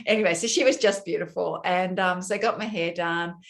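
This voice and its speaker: A woman's voice: fairly low pitch, steady tone, fairly quick, gravelly. Older woman vlogger; chatty, conversational storyteller speaking to the girls watching. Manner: chatty storytelling, addressing women viewers. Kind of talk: casual chat.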